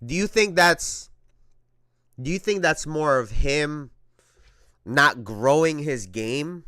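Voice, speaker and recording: Slangy sports-talk host, dry sound. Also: male voice, on the high side, fairly bright tone, clear, resonant tone, no room sound. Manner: conversational, slangy, repeats phrases. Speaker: podcast host.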